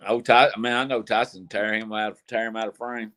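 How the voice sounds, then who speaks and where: An older man hosts a relaxed group chat on a live stream. He tells stories in a folksy way and breaks into laughter often. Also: fairly low pitch, a little fast.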